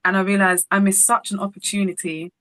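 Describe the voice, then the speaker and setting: A woman tells her story as an interview guest. She is animated and acts out each voice in the dialogue. The recording is dry and close, at an ordinary middle pitch. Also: fairly quick, no echo. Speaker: guest singer-songwriter.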